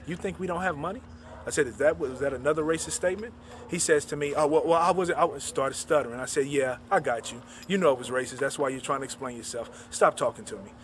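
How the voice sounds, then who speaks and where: Fast-talking man telling his story outdoors. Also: mid-range voice, a little hiss or hum. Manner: retells dialogue in quick back-and-forth. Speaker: author. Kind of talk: recounting a personal story.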